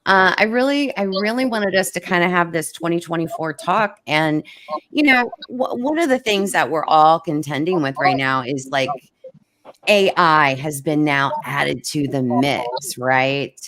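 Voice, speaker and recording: A woman with a low voice hosts a casual livestream chat at a measured pace, with slight background noise and her voice cutting in and out. She warmly greets viewers one by one by name, using lots of fillers.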